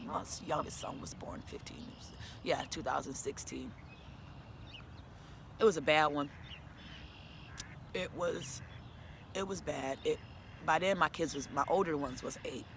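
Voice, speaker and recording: A woman's voice: low-pitched, vocal fry, a bit bright, a little hiss or hum. A woman, a single mother, telling her personal story to the camera in a candid, emphatic, conversational way.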